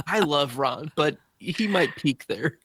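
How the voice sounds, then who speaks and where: A man's voice: fairly high pitch, huge pitch swings, very slow, a bit bright, slight background noise. A man co-hosting a fan podcast in casual chat, enthusiastic and laughing often. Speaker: podcast co-host.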